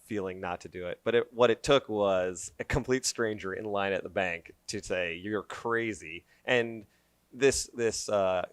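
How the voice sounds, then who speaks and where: Low-voiced male podcast host. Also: normal speed, smooth, no echo. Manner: summarizing, prompting guests. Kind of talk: casual interview.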